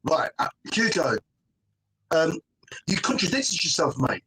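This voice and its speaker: A man's voice: fairly high pitch, big pitch swings, a little slow, bright, forceful tone, slight background noise. A middle-aged man, a guest on a fan panel, arguing emphatically in casual chat, forever tossing in "mate" and "right?". He is joining over a phone call.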